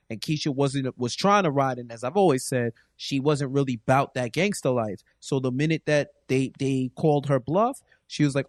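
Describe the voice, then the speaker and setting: A man co-hosting a casual TV recap show, telling the plot in an animated way and acting out the characters' lines. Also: medium pitch, moderate pace, hardly any pauses, no echo, clean studio sound. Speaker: podcast co-host.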